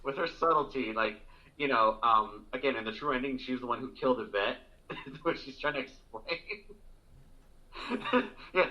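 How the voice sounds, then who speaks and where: A man's voice: medium pitch, normal speed, sharp tone. A man co-hosting a podcast, laughing often as he reminisces in casual chat. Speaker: podcast co-host. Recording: dull lo-fi podcast audio.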